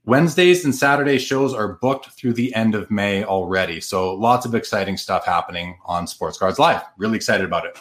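A man's voice: fairly low pitch, brisk, hardly any pauses, a bit bright. A man hosting a live podcast show, introducing and interviewing his guest in an upbeat, friendly way. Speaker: podcast host.

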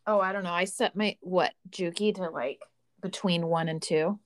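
An American woman co-hosting a podcast in relaxed casual chat. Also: lowish voice, moderate pace. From United States. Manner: relaxed, conversational, many fillers. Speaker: podcast co-host.

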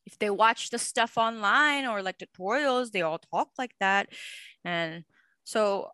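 A woman's voice: mid-range voice, a little slow, pushed and bright, clear, resonant tone, no room sound. A young woman from Macau co-hosting a casual podcast, rambling with many fillers. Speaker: podcast co-host.

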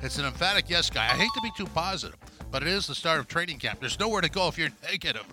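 A podcast host runs through a quick segment, handing out emphatic verdicts in an upbeat voice. His pitch sits a little high for a man. Music plays clearly beneath him. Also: expressive, bright, forceful tone. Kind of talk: scripted segment hosting.

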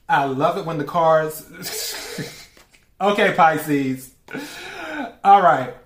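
A man's voice: a little high, lively intonation, very slow, fairly bright tone, a little hiss or hum. A man giving a casual tarot reading, asking for cards politely and breaking into laughter often. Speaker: tarot reader. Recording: echoey room.

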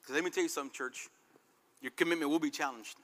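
A man preaching a fervent sermon, swinging between loud calls and quiet passages. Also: on the high side, fast. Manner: fervent, dramatic swings in loudness. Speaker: pastor. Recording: long reverb hall.

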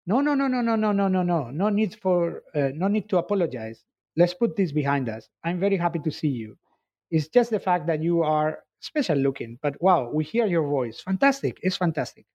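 A man's voice: a little high, lively intonation, moderate pace, darkish tone. A man doing an eager, reassuring male inventor. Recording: dull dry recording.

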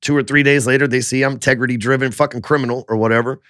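A man telling his life story on a podcast in a profane, animated way. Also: mid-range voice, rapid-fire, clear, resonant tone, no room sound, studio quality.

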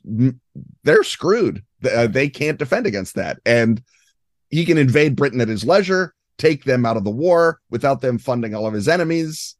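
A man's voice: mid-range voice, no room sound, studio quality. A man as guest on a gaming podcast, explaining at length in an erudite, expansive way with many fillers. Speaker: guest game designer. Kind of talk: podcast interview.

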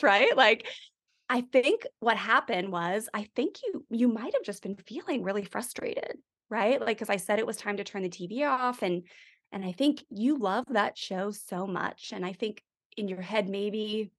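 A woman's voice: medium pitch, moderate pace, gravelly. A woman, a parenting educator, talking casually in an interview with lots of "like" and "right?". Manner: chatty, with many "like" and "right?" fillers.

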